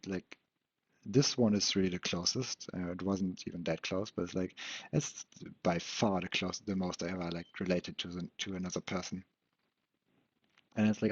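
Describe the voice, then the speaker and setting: Husky, deep young man rambling hesitantly. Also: dry recording. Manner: hesitant, halting, self-questioning, swears casually. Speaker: vlogger. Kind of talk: unscripted rambling monologue. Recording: dull lo-fi, dry sound.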